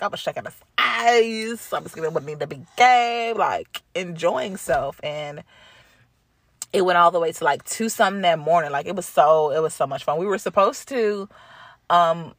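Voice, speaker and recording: A woman's voice: fairly low pitch, a bit bright, no room sound. Chatty, slangy woman, dry close sound. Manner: chatty, slangy, swears and laughs often. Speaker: podcast host. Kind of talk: casual spoken travel update.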